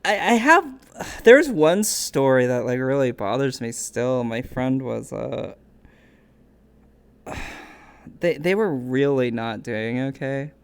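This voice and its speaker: A young woman streamer talking casually, animated and laughing, who now and then squeaks into quoted voices. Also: slow pace, clear, resonant tone. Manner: animated storyteller, laughs often, jumps to squeaky voices when quoting. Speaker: interviewer, streamer.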